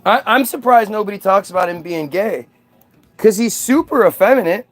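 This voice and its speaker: A man's voice: sits high, expressive, moderate pace, dry recording, soft background music. A man delivering a casual, profane, sarcastic vlog rant in an exasperated manner. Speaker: vlogger. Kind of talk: casual ranting monologue.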